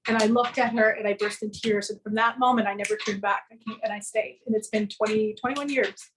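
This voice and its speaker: Over a noisy background, a Southern woman with a mid-range voice talks a little quickly and fairly evenly. The guest actress and filmmaker shares a long, earnest, meandering story with quoted dialogue in a relaxed video-call interview from her home music studio.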